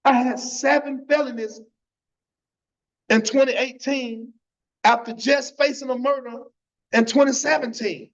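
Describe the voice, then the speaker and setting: Fervent high-voiced man testifying. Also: fairly even intonation, a little slow, pauses often. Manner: fervent, repeats phrases, tags lines with "man". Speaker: church testimony speaker. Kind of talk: impassioned church testimony. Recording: dull lo-fi church stream.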